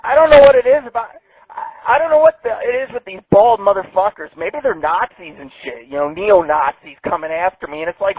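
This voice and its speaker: A man's voice: high-pitched, fairly quick, slightly rough, dry recording. A man hosting an internet radio show, ranting brashly and swearing a lot. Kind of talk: profane call-in radio rant. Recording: tinny phone-like dry sound.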